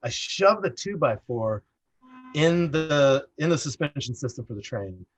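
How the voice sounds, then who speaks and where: A middle-aged man telling a casual story as a podcast guest, rambling and animated, full of "like" fillers. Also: fairly high pitch, unhurried, faint music behind. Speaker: podcast guest, production designer.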